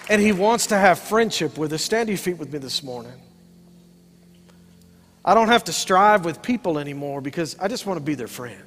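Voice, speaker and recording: A man's voice: fairly high pitch, expressive, a little fast. A middle-aged male pastor preaching a sermon, emphatic, with frequent call-outs to the congregation. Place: church sanctuary with congregation. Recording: live hall reverb.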